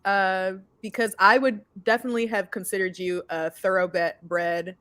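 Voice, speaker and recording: A woman's voice: mid-range voice, fairly even intonation, a little slow, fairly bright tone, no room sound. Playful woman co-hosting a video chat. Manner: playful teasing, filler-heavy. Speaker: co-host. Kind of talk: casual video-call review chat.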